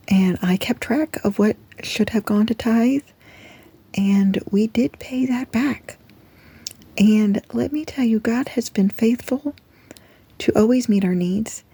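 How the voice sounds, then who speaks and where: A woman giving an earnest, gentle devotional talk that encourages her listeners. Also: mid-range voice, husky, no room sound. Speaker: Christian devotional speaker.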